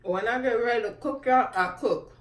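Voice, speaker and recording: A woman's voice: a little high, moderate pace, recorded from a distance. A woman hosting an eating show, chatting casually between bites and laughing often. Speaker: mukbang host. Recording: echoey room, voice from afar, faint room noise.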